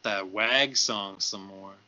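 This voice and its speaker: A man co-hosting a crude comedy podcast, playful and quick to laugh. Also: fairly low pitch, pushed and bright, no room sound. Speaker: podcast co-host. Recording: dull lo-fi audio with music underneath.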